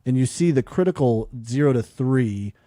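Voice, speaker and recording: Man in his thirties, earnest co-host, mellow tone, dry close sound. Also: medium pitch, lively intonation, normal speed, no echo. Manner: earnest, frequent fillers and restarts. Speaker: podcast co-host. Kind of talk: conversational storytelling.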